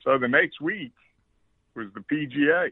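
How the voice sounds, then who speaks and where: A man from South Africa with a South African accent, a golfer guest telling relaxed anecdotes with salty language on a casual interview. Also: on the high side, unhurried, slightly rough, dry recording. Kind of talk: casual storytelling. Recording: dry tinny phone line.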